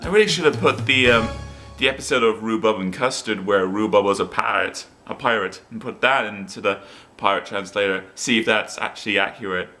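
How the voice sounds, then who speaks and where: A man's voice: lowish voice, a little fast, sharp tone, soft background music. A man with an English accent hosting a comedy video, reading stories aloud with playful asides. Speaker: host. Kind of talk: comic storytelling video.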